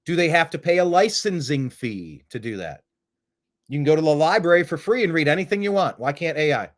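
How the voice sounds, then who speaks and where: A man's voice: fairly high pitch, expressive, brisk. A man hosting a live-streamed talk show, rambling through opinionated commentary and throwing out rhetorical questions. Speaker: host.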